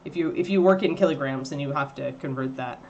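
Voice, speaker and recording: A woman's voice: fast talker, darkish tone, dull audio, a little hiss or hum. A woman hosting a livestream, chatting casually and rambling while she paints miniatures. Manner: rambling and chatty, baby-talking to her dog in a high voice.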